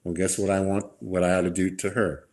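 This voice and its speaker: A man's voice: deep voice, flat delivery, brisk, darkish tone. A middle-aged man, a leadership expert guest on a podcast, chatting casually and acting out quoted dialogue as he tells stories. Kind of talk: casual storytelling conversation.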